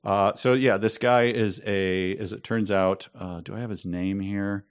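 A man co-hosts a casual book talk, mocking the prose with a wry, sarcastic edge and frequent laughter. His voice sits low. The sound is close and dry. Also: fairly even intonation, measured pace, smooth, no room sound. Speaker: podcast co-host.

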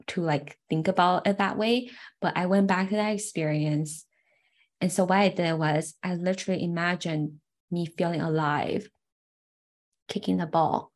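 Earnest young woman telling a heartfelt story. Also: lowish voice. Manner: earnest and heartfelt, lots of fillers like "like" and "right". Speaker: personal storyteller. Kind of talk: reflective personal story.

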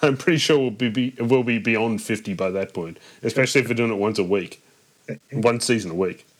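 A man leads a relaxed chat among friends. His voice sits a little low, and he often pauses and restarts mid-sentence. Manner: hesitant, many ums and restarts. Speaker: podcast host. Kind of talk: casual chat.

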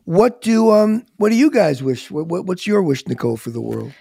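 A high-pitched, gravelly man co-hosting a casual chat show. His voice is dark and mellow, and he rambles with frequent restarts. The recording is dry and close. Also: very animated, normal speed, no echo. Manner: self-described cynic, rambling with many restarts. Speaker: co-host.

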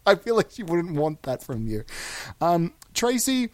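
A young man hosting a comedy podcast, improvising prank calls in a manic way that swings between loud outbursts and low mumbles. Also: very animated, moderate pace, no echo, studio quality.

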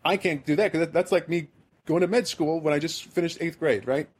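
A man's voice: a little high, a little fast, husky. A man from the American Midwest hosting a podcast, telling a rambling, self-deprecating story in casual chat. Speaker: podcast host.

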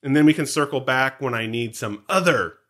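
Bright-voiced male co-host, playful movie-trivia banter. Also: medium pitch, fairly quick. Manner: joking, animated, teasing. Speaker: podcast co-host. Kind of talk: casual movie commentary chat.

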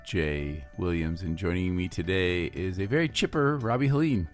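Deep-voiced joking podcast host, man. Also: moderate pace, soft background music. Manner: teasing, laughs often. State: jet lagged. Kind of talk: casual church podcast chat.

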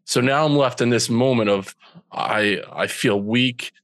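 A man's voice: medium pitch, fairly bright tone, dry recording. Earnest man in his forties, dry sound. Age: 40s. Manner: earnest, slow and emotional when recalling hurt. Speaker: guest. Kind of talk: personal storytelling in a podcast interview.

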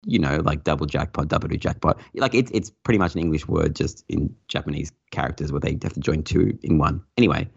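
Guest, man, low fry-heavy voice, laughs and curses while chatting. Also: fast talker, few pauses. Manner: sweary, laughing, animated storytelling. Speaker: pinball podcast guest. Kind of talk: casual chat. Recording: muffled lo-fi mic.

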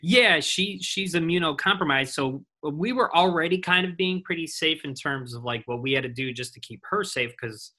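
A man's voice: a little high, animated, moderate pace, few pauses, pushed and bright. A man co-hosting a podcast in easygoing casual chat, often agreeing and saying "you know". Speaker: podcast co-host.

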